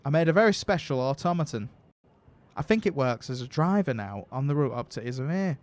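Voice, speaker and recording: A man voicing a gruff, irritable but kind woman mechanic in a game, with a put-on Yorkshire accent and a loud, blunt, grumbling manner. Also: mid-range voice, expressive, fairly quick, lightly acted. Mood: chatty.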